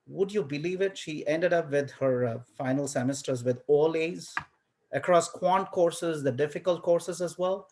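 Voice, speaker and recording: Animated male professor lecturing. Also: a little high, normal speed. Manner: animated storytelling, acts out his own reactions; repeats words when starting a thought. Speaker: university professor. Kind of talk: casual classroom lecture.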